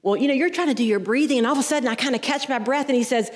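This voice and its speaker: A woman's voice: high voice, rapid-fire. A woman pastor preaching a sermon into a headset mic, telling stories and acting out the voices in them. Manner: storytelling, acts out voices in anecdotes. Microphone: headset mic at the ear. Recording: long hall reverb.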